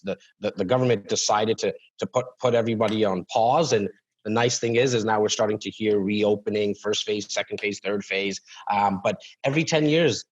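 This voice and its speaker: Halting man on a video call. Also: medium pitch, dull audio. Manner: halting, with many restarts and repeated words. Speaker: co-host of a real estate livestream. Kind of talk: casual webcast talk.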